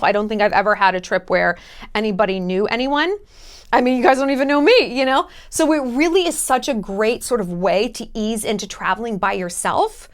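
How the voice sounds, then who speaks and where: A woman travel vlogger giving casual advice in a blunt, jokey, sometimes profane way. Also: a little high.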